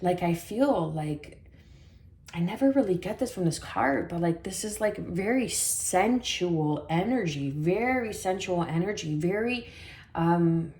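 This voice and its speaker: Woman tarot reader from Canada, low mellow voice, rambling soft delivery, echoey room. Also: expressive, a little slow. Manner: soft, meandering, with many fillers and affirmations. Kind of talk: spiritual tarot reading.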